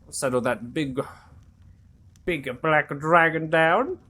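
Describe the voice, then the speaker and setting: A game master voicing a bossy, motherly female master who shoos her guests along in a fussy, hurried way. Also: mid-range voice, sharp tone, pitched above the performer's own voice. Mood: coaxing.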